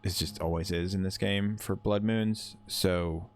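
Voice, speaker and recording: A man's voice: sits low, steady tone, measured pace. A man livestreaming a survival game, rambling through his plans with fillers and restarts, greeting and teasing chat and swearing casually. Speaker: livestreaming gamer. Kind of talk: casual live game commentary.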